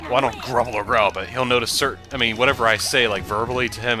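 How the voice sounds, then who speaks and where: A man's voice: medium pitch, fairly even intonation, fast. A man giving casual, rambling let's play commentary that drifts into tangents. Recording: game music behind the voice.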